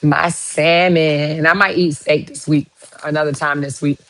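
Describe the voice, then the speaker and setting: Slow-talking, profane woman vlogger. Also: deep voice, steady tone, fairly bright tone, rough recording. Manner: profane, exclamatory, talks to viewers. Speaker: vlogger host. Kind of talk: casual reaction commentary.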